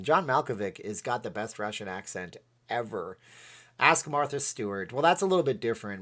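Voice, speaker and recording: A man hosting a casual livestream, rambling and excitable as he reads out chat comments. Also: lowish voice. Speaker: livestream host.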